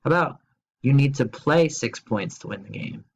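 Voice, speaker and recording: Male teacher recording a home-school grammar lesson, mid-pitched, easygoing and jokey, spells things out slowly. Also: animated, breathy edge, rough recording. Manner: playful, asks quiz questions and jokes; slow, spelled-out explanations.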